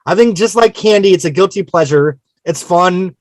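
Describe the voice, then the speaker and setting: A man hosting a track-by-track album podcast, frank and self-mocking. His voice sits fairly high and sounds dry and close, with no room around it. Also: normal speed, no room sound. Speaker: podcast host. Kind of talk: casual album discussion.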